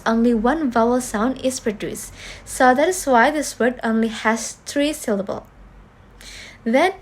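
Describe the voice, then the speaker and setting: A young woman giving a class presentation as a student, explaining step by step with small fillers. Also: on the high side.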